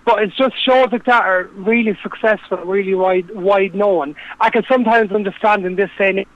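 A man's voice: sits high, fairly even intonation, normal speed, no room sound, dull audio. An Irish man talking earnestly in a casual interview, rambling with lots of fillers. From Ireland. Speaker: guest.

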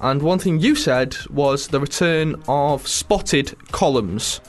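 A man's voice: a little high, slow, soft background music. A man co-hosting a casual chat, joking about himself and rambling with restarts.

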